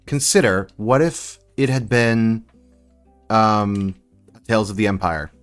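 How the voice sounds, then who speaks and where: A man's voice: on the low side, slow pace, clean tone, faint music behind. Chatty man on a casual live stream. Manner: chatty, rambling, answers chat while building. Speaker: livestream host building sets.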